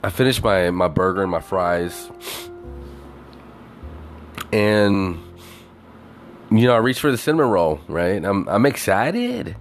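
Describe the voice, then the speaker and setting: A man with a fairly low voice tells a story as a loose, expletive-heavy rant. He keeps throwing in "like" and "you know" as he goes. Faint music plays behind him. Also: slow, long pauses. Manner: animated, heavy swearing, many fillers.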